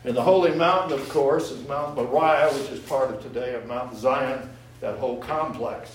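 A medium-pitched pastor at a moderate pace teaches his congregation verse by verse, explaining what words mean. The sermon is heard in a church sanctuary, the voice distant in an echoey room, with a little hiss or hum.

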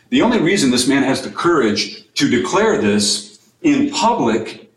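A man preaches at a middling pitch, stressing his points with repetition and pointed rhetorical questions. His voice rings through a roomy, echoing space. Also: fairly bright tone. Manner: emphatic, rhetorical questions, repeats key phrases. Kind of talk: sermon-style teaching.

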